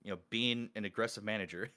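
A man hosting a casual group call, talking excitedly and rambling with many restarts. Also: on the low side, fast talker. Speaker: podcast host and collab organizer.

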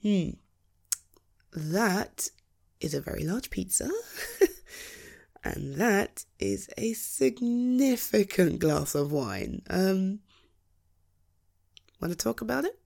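A woman's voice: medium pitch, lively intonation, slow, creaky, pauses often, darkish tone. A woman in a whispered role-play as a comforting partner, soothing and reassuring, often breaking into giggles.

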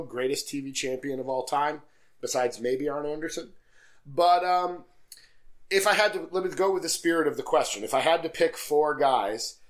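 A man's voice: fairly high pitch, a bit bright. A man co-hosting a casual podcast, joking around and reading listener emails aloud. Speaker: podcast co-host. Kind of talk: casual chat.

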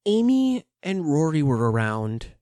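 Woman podcast co-host, very deep voice, lively wry banter, dry sound. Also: unhurried, no room sound. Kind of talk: casual chat.

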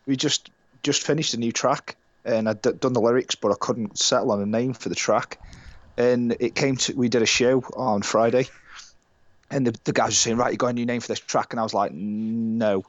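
A man's voice: mid-range voice, fairly even intonation, brisk, dry recording, highs cut off. Man, British, thirties, storytelling, swearing, laughing, dry sound. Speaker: band musician guest. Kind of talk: casual podcast chat.

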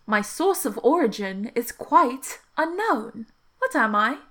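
A woman voicing a scheming male riddle-master in a put-on British accent, reciting riddles slowly and deliberately. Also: on the high side, big pitch swings, a bit bright, full character voice. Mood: measured, theatrical. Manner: slow, measured riddle recital.

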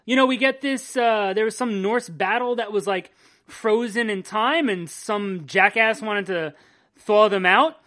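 A woman co-hosting a casual comic book podcast, sarcastic and quick to laugh. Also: medium pitch, fairly bright tone. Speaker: podcast co-host.

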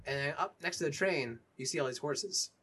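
Husky man, a bit high, running a tabletop game with loose rambling narration. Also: fairly quick, bright, forceful tone, distant mic. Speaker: game master.

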